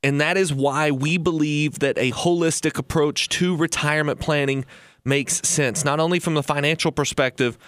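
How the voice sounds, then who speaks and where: A man hosting a retirement podcast, talking earnestly and telling a folksy story, slowing down for emphasis. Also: on the high side, fairly even intonation, a bit bright, no room sound, studio quality. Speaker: host and financial planner.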